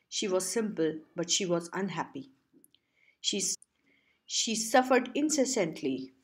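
A woman reading a short story aloud as an audiobook narrator, steady and measured. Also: medium pitch.

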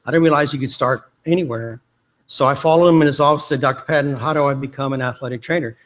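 A man's voice: mid-range voice, fast talker, fairly bright tone. Joking man giving a lecture. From Texas. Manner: self-deprecating, joking storyteller. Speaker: athletic trainer and conference speaker. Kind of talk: humorous conference lecture. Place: lecture hall.

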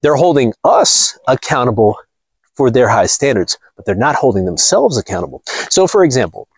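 A man rants to his viewers in a blunt, mocking monologue while out walking. His voice is a bit husky and jumps lively in pitch. The sound is dry and close. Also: moderate pace, no room sound. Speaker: vlogger. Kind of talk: casual ranting monologue.

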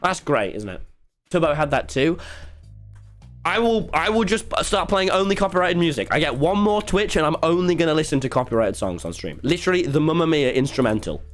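English male streamer, lively high voice, sweary ranter, faint music underneath. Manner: rambling, profane, quick to rant. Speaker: livestreamer. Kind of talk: casual livestream chat while gaming.

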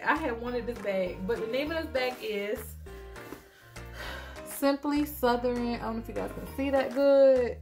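Young woman, casual home vlog, excitable and chatty, slightly high voice, echoey room, clear background music. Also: moderate pace. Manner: chatty and excitable, often addresses viewers as y'all. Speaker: vlogger. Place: at home, in pajamas.

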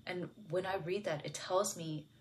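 A woman sharing a personal Bible reflection, speaking softly and musingly with many fillers, sometimes dropping to a whisper. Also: lowish voice, fairly even intonation, normal speed, slight background noise. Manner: soft-spoken, musing, with frequent fillers. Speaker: devotional video host.

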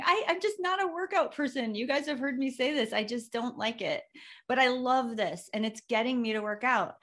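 A woman's voice: fairly high pitch, fairly bright tone. Enthusiastic woman podcast co-host. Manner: enthusiastic, emphatic. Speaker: certified in plant-based nutrition. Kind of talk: casual chat.

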